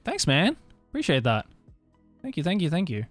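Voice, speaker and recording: A man's voice: a little high, wildly swooping pitch, normal speed, no echo, faint music behind. A young man with an Australian accent blended with other influences, chatting casually with viewers on a live stream, swearing freely and laughing often. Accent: Australian with international mix.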